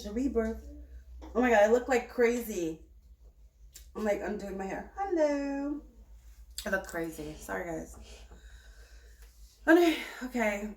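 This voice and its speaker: A woman giving a tarot reading in a chatty, animated, self-correcting way. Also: mid-range voice, roomy sound. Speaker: tarot reader.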